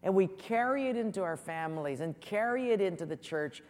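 A man preaching a sermon as pastor, lively and storytelling. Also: high voice, brisk, in a large hall. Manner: animated storyteller, acts out voices in jokes. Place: church.

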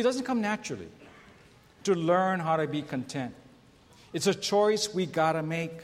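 A man preaching a sermon as a pastor, asking the congregation questions, reading scripture aloud and telling jokes with raised voices for the characters. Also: a little high. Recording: long hall reverb.

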